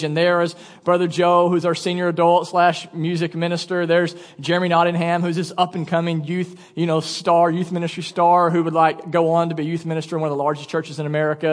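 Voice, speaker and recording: A man in his thirties preaching a sermon as pastor, telling a story with quick asides and lively energy. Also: fairly high pitch, in a large hall. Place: church auditorium.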